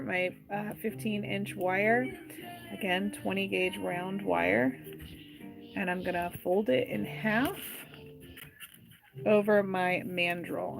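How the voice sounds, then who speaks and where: With a medium-pitched voice that has some vocal fry, a woman hosts a live wire-wrapping jewelry tutorial. She talks through each step without hurrying, chatty as she reads out and responds to live viewer comments between steps, and the recording quality is low.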